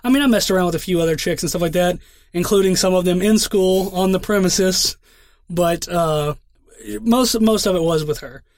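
This podcast co-host is a young man who rambles through stories in casual conversation, swearing heavily. His voice sits high at a normal speed, and the studio-quality recording has no echo.

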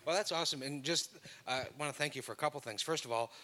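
A man's voice: a little high, fast talker, sharp tone. A man, a youth pastor from Pennsylvania, asking a question from the audience in an earnest, grateful way.

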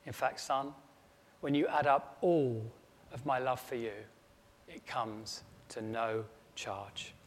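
A man speaking as a loving mother, soft, slow and heartfelt. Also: medium pitch, fairly even intonation. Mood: tender. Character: tender loving mother answering her son. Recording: long echo of a large hall.

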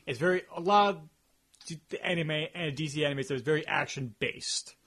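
A man's voice: a little high, brisk, fairly bright tone. A man co-hosting a casual review podcast, talking in long rambling stretches full of "like" fillers. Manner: rambling, heavy use of "like" fillers. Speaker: podcast co-host.

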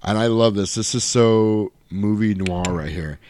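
Low-voiced man animatedly retelling a movie. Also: measured pace, a little hiss or hum. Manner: animated storyteller, acts out quoted lines. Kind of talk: casual movie recap chat.

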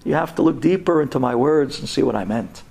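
A man voicing a pompous, scheming male tongue in a storytelling sermon, boasting and then dropping to a low hush. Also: expressive, fast talker, vocal fry, breathy edge. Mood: flattering.

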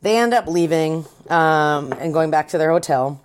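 A woman with a somewhat low voice talks through a book recap in loose, casual chat. She is sarcastic, swears freely, and keeps dropping into quick impressions of the characters. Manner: sarcastic, swears often, acts out characters in quotes. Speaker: podcast co-host.

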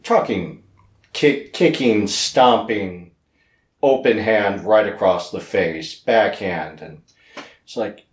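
A man co-hosting a podcast in casual chat, reacting with quick laughs and teasing asides. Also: fairly low pitch, reverberant. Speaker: podcast co-host.

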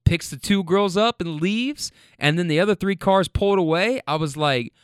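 A high-voiced man speaking at normal speed tells wild stories from his restaurant serving job while riding home in a car. He's animated, blunt, profane and casual, laughing at his own stories. The tone is clean, with no echo, in studio quality.

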